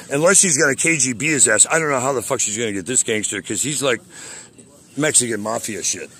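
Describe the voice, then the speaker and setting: A man's voice: medium pitch, expressive, a little fast, sharp tone, a little hiss or hum. Furious, foul-mouthed man ranting on a call. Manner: agitated, profane, boastful. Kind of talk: profane angry rant on a call.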